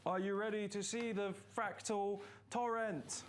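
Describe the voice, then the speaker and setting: A man's voice: high voice, fairly even intonation, measured pace, heavy background noise. A man presenting a gaming setup video, joking and running through gear in a casual way. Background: music.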